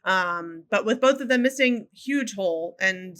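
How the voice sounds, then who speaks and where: A woman's voice: mid-range voice, lively intonation, unhurried, fairly bright tone. A woman co-hosting a podcast, chatting playfully about basketball and joking along with her co-host. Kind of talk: casual sports chat.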